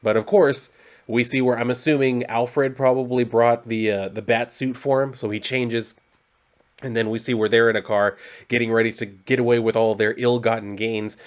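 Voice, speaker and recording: A man's voice: mid-range voice, level tone, moderate pace. A man casually recapping a comic book story, rambling loosely with lots of fillers and some mild swearing.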